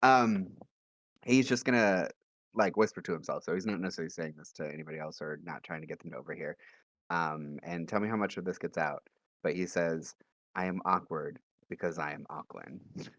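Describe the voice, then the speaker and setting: A man's voice: sits low, fairly quick, a bit bright, no echo. A man playing a tabletop role-playing game, talking in a playful, chatty way. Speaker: player. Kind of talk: tabletop role-play chat.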